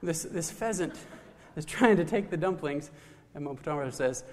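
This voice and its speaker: A man's voice: on the high side, expressive, normal speed, few pauses, darkish tone. A man casually retelling a folktale, loose and chatty with restarts and asides. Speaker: storyteller. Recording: long hall reverb.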